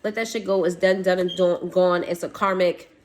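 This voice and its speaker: A woman's voice: lowish voice, steady tone, normal speed, slight background noise. A woman giving a casual tarot reading to her viewers, blunt and swearing, laughing now and then. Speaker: tarot reader.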